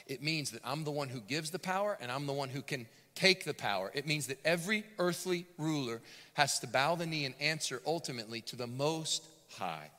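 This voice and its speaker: A man preaching a sermon as a pastor, animated and dramatic yet conversational. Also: medium pitch. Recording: long hall reverb.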